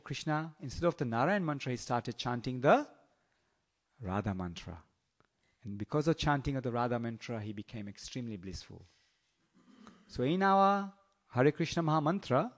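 A man giving a storytelling sermon in an animated, teasing way, often asking his listeners questions. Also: mid-range voice. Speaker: preacher.

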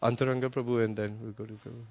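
A man giving a devotional class at a temple, talking quickly with restarts and soft asides, then taking questions. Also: medium pitch, little pitch movement, heavy background noise. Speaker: class speaker at a temple gathering.

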